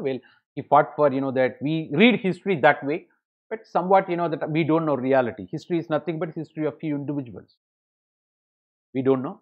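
A middle-aged man with an Indian English accent teaching sociology in an online exam-prep lecture, rambling with many fillers before rising to emphatic declarations. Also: on the high side. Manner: rambling, heavy "you know" fillers, rises to emphatic declarations. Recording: dull lo-fi online lecture audio.

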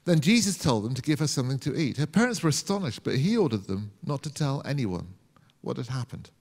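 A man's voice: medium pitch, very animated, fairly quick, a little mellow. A man from the UK preaching a sermon as a pastor, conversational, with rhetorical questions and acted-out quotes. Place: church hall. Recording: long church hall reverb.

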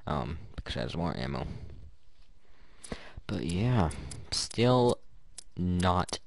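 Low gravelly guy rambling over gameplay. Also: very animated, slow pace, dry recording. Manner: rambling, joking, muttering to himself. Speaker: gaming YouTuber. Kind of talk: casual gameplay commentary.

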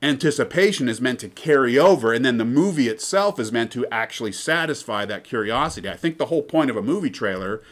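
A man's voice: mid-range voice, expressive, quick pace, few pauses. A man giving an informal lecture in a chatty, digressive way, often checking in with "right?".

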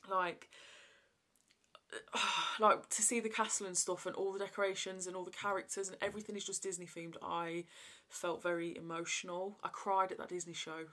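A woman chats to camera in a loose, rambling way, her voice sitting a little low. She circles back on herself with plenty of fillers, like a friend catching you up. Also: a bit bright. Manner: rambling, chatty, lots of fillers. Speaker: vlogger. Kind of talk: casual chat to camera.

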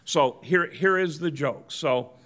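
A middle-aged man from Southern California giving a business lecture in a measured, good-humored storytelling manner. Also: fairly high pitch, fairly bright tone. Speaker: guest lecturer.

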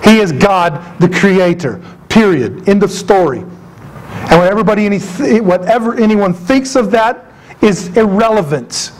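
A man preaching a sermon as pastor, emphatic and animated, with asides and jokes to his congregation. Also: high-pitched, unhurried, rough recording. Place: church sanctuary.

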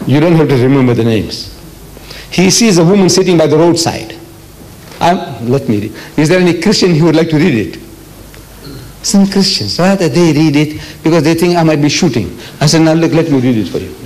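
An older man delivers a religious lecture in a hall. His voice sits a touch high for a man, and he drives points home by repeating phrases and firing rhetorical questions at the audience. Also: lively intonation, moderate pace, darkish tone. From South Africa. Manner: emphatic, repetitive preaching with rhetorical questions. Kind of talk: public lecture.

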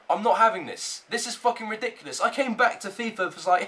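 A young man narrates his football game in a fairly high voice. It dips to a low mumble when calm and jumps into loud swearing tirades when the lag gets to him. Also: quick pace, hardly any pauses. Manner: swears a lot, rages loudly at lag. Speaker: gaming YouTuber. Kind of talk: gameplay commentary.

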